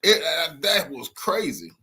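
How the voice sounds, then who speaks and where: A man's voice: a little high, huge pitch swings, a little slow, pushed and bright. A man hosting a casual reaction chat, blunt, heated and slangy. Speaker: channel host.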